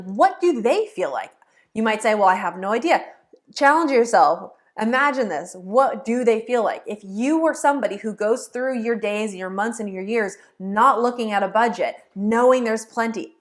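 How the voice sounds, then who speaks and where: Upbeat woman teaching to camera. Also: fairly high pitch. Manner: upbeat, animated, acts out imagined inner voices. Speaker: law of attraction teacher.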